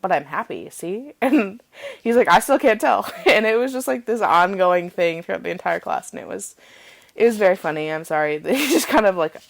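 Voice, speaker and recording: A young woman in her twenties talks casually over her building footage, rambling from one thought to the next and laughing often. Her voice sits on the low side, with a gravelly fry at the ends of her words. The recording is close and dry, with no room sound. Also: animated, fairly quick, dry recording. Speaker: student teacher and game-build video host.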